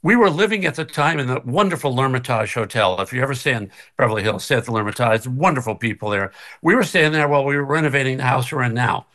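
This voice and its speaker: An older man, a guest on a video call from his kitchen, telling an animated story and acting out both sides of the conversation. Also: medium pitch, fast, hardly any pauses. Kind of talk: casual storytelling. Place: kitchen at home.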